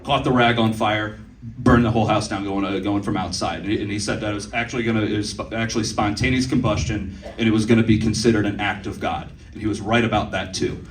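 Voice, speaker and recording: This comedy club set features a man in his twenties with a fairly low voice, fairly even intonation, and a fast delivery. He tells stories loosely and profanely, with asides to the audience, whose laughter fills the background. The recording is roomy and distant, with a little hiss or hum.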